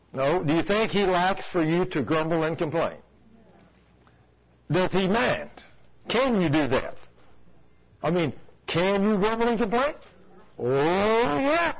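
Through a muffled recording, a high-voiced male pastor tells a folksy story during his sermon. Along the way he asks the congregation rhetorical questions.

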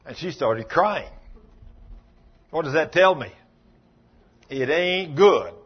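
A man's voice: on the high side, expressive, slow pace, slightly rough, highs cut off. A man preaching a sermon as pastor, telling folksy stories in a plain-spoken, emphatic way.

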